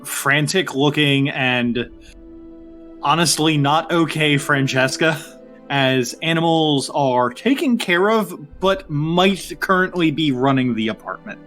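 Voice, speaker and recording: A man running a tabletop game, narrating scenes in a relaxed way with plenty of ums and uhs. His voice sits a touch high for a man, and faint music plays underneath. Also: takes it slowly. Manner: relaxed, filler-heavy narration. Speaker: game master.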